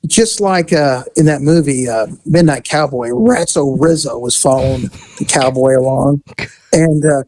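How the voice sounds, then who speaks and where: A man and former police officer, telling a story in a casual, animated way and acting out the voices in it. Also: a little high, moderate pace, dry recording. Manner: animated, acts out voices in his stories.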